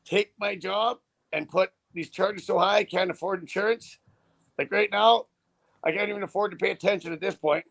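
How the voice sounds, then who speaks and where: A middle-aged man who drives trucks talks in casual chat, blunt and full of curses. His voice sits high and gravelly, with a bright edge. He rambles and often restarts his sentences. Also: normal speed.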